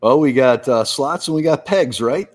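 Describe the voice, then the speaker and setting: A man's voice: medium pitch, expressive, moderate pace. A middle-aged man chatting casually as a co-host, giving short, easygoing answers. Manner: laid-back, brief answers. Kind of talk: casual livestream chat.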